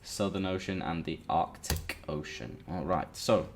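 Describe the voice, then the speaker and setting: A man's voice: deep voice, unhurried, creaky, background noise. A man teaching a live online lesson, chatting with his students and greeting them by name as he explains.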